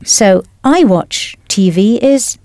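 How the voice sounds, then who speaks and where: A woman teaching a language lesson in scripted narration, explaining patiently and clearly step by step. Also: mid-range voice, expressive, slow pace, a little mellow, no room sound, studio quality.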